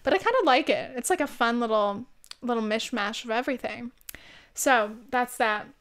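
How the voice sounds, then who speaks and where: A woman's voice: a little high, moderate pace, a bit bright. A young woman with a Californian accent rambling and swearing freely in a casual chat, speaking close to the mic. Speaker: vlog host.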